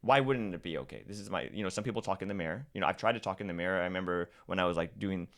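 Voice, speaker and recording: A gravelly, low-voiced man from California's Central Valley talks very fast as a podcast guest. His casual, lengthy conversation is full of restarts and repeated words.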